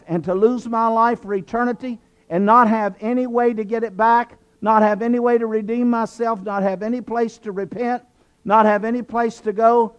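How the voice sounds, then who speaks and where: A man's voice: sits high, lo-fi sound. A man from southwestern Virginia, telling his conversion story in an earnest, preacherly way and repeating phrases for emphasis. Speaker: guest telling his testimony. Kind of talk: preacherly testimony.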